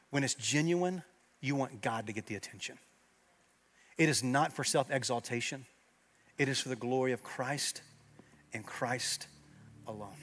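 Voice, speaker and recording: A man preaching a sermon as pastor, swinging from loud emphatic peaks to quiet, earnest low passages. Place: church sanctuary.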